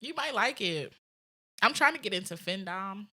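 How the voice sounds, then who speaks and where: A woman's voice: medium pitch, expressive, normal speed, bright, forceful tone. A woman talking frankly in a casual podcast chat, matter-of-fact, laughing often.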